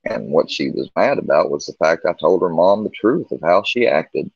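A man with a deep, low-pitched voice tells a long personal story in a loose, rambling way. He restarts often and acts out the back-and-forth. The sound is dry and dull, like lo-fi stream audio. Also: expressive, normal speed, gravelly, slightly rough, no echo. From Missouri. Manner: candid, rambling, with many restarts and quoted dialogue. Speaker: guest telling a personal story. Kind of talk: casual storytelling on a livestream.

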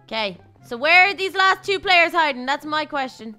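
Woman, high voice, bouncy, bright tone, playful gameplay chatter, faint music behind. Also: normal speed. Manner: playful, excitable, teasing. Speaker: gaming channel host. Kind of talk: casual gameplay chat.

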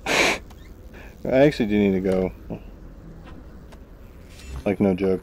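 A tired man giving goofy gameplay commentary into a VR headset, with excitable outbursts between quiet mutters. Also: low-pitched, slow, a little hiss or hum. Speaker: gamer.

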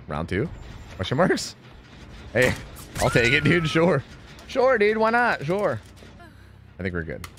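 A man's voice: a little high, takes it slowly, pauses often, slight background noise. A man streaming a game, chatting casually, joking and swearing a lot as he plays. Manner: excitable, swears a lot, jokey. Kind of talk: casual gameplay commentary.

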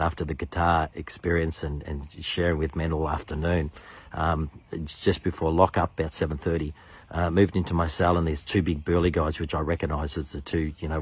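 A man's voice: very deep voice, little pitch movement, fairly quick, husky, no echo. A middle-aged man, a pastor, earnestly telling his personal testimony and acting out the voices of the people in it. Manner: earnest, enthusiastic, acts out quoted voices.

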